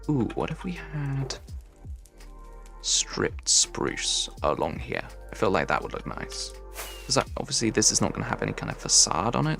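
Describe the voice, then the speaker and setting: Young male streamer, Midlands English accent, very lively pitch swings, chatty and rambling. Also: creaky. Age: young adult. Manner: chatty, rambling, answers chat while building. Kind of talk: casual gaming livestream chat.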